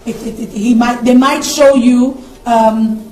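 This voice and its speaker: A woman's voice: on the high side, a little slow, echoey room. A woman from Africa, giving a personal testimony in an interview and acting out the people she quotes. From South Africa. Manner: animated storyteller who acts out quoted speech. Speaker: interview guest.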